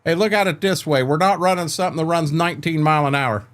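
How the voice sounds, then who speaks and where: A man's voice: on the high side, quick pace. An older man streaming a farming game from home, chatting casually with viewers on a desk microphone, rambling and repeating his words as he talks. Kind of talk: casual livestream chat with viewers.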